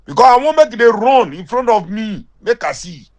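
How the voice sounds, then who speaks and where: A man's voice: high voice, big pitch swings, moderate pace, a little mellow. Angry Ghanaian man ranting in Pidgin. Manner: confrontational, in Pidgin English. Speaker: caller sending a voice message. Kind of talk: heated voice-message rant.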